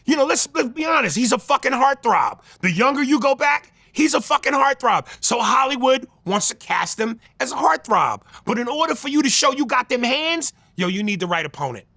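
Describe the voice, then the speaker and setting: A man comedian in a casual interview, talking loud and profane and slipping into accent impressions. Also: very high voice, very animated, fairly quick, hardly any pauses, no room sound, studio quality. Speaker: comedian guest.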